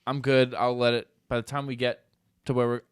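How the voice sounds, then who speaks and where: A young man co-hosting a podcast, retelling a story in a casual way and acting out loud outbursts. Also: mid-range voice, flat delivery, fairly quick, clean tone, dry recording, clean studio sound. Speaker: podcast co-host.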